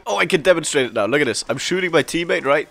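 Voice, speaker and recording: A young man giving casual, excitable commentary while playing a game, laughing often and calling out to the other players. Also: fairly high pitch, quick pace, gravelly. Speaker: gameplay commentator.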